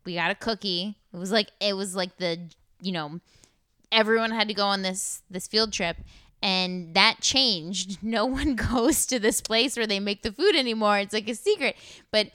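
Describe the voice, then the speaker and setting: A young woman co-hosting a casual chat, telling stories in an animated way with plenty of fillers. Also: medium pitch, moderate pace, clean tone, dry recording, clean studio sound. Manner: animated storyteller, lots of fillers. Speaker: podcast co-host.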